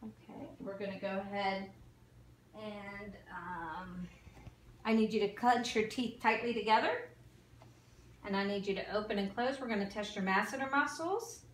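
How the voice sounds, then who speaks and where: A woman's voice: medium pitch, normal speed, a little hiss or hum. A woman giving a clinical exam and talking a patient through each step, sometimes tripping over medical terms. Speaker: nursing student performing an exam. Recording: echoey room, mic far off.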